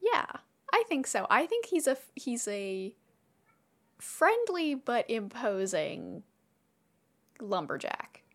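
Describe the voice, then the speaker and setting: A woman's voice: a little high, sing-song, slow pace, long pauses. A woman talking as a podcast guest in a casual brainstorming chat, rambling and full of filler words.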